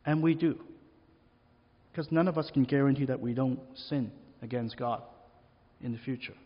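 A man's voice: medium pitch, moderate pace. A man preaching a sermon in an easy, conversational way, asking the listeners questions. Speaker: pastor. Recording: long reverb, dull lo-fi sound.

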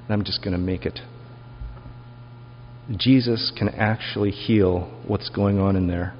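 A male pastor preaches a reflective sermon, easing into rhetorical questions in a somewhat low voice. The recording is dull and lo-fi. A long reverb rings through the church hall. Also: steady tone, unhurried, slight background noise.

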